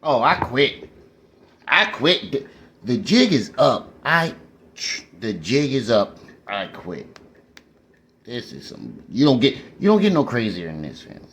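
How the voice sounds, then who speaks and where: A man hosting a comedic reaction video, talking slowly with crude slang and big comic swings. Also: medium pitch, slight background noise. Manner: slow, animated comic delivery with crude slang.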